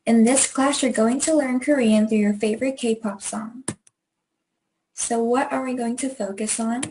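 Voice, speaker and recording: A woman's voice: a little high, warm tone, a little hiss or hum, poor audio. A young woman teaching an online language lesson, patient and encouraging, sounding out words one syllable at a time.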